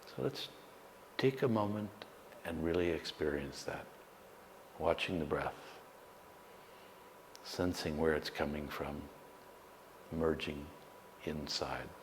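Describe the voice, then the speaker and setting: A man, a meditation teacher, guiding a slow, calm meditation with long pauses. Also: extremely low pitch. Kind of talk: guided meditation. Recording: long hall reverb, faint background noise.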